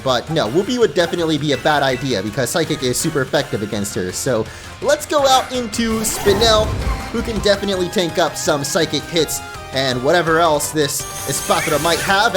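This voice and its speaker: A man hosting a let's play, giving upbeat, excitable gameplay commentary. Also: a little high, normal speed, over music.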